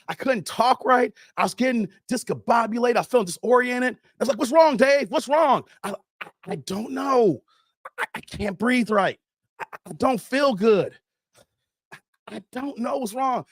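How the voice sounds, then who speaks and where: High-voiced man telling a livestream story. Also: no echo, studio quality. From Chicago, USA. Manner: animated, acts out voices in his story; talks straight to his chat viewers. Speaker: livestream host.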